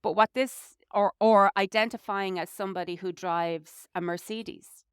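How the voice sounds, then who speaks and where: A woman's voice: mid-range voice, fairly even intonation, unhurried, smooth, dry recording, studio quality. An Irish woman co-hosting a podcast, talking reflectively in casual conversation with lots of "you know"s. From Ireland. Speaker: podcast co-host.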